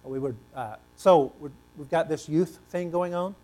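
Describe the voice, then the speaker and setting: A male pastor preaching a sermon, animated and asking the congregation questions, swinging between loud and hushed delivery. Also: a little high, a little slow. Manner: repeats words for emphasis, asks the congregation questions.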